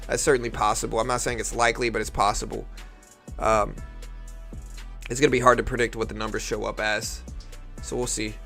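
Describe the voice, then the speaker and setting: A man's voice: mid-range voice, gravelly. A man from near New Orleans with a faint Louisiana accent, chatting casually on a live day-trading stream and answering chat. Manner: relaxed, thinking aloud, answering chat. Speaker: day-trading livestream host.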